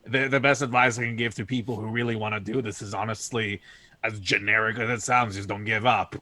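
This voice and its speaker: A man in casual podcast chat, relaxed and meandering. His pitch sits in an ordinary middle range, and he pads his sentences with easy fillers as he describes things. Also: dry recording. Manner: laid-back, rambling with many fillers. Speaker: podcast guest, game developer.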